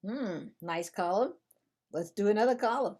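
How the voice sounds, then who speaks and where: A woman's voice: mid-range voice, expressive, moderate pace, a little mellow, slightly rough. A woman who speaks English as her first language, teaching at a whiteboard, patiently repeating a rule and asking playful questions. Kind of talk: slow, deliberate classroom explanation.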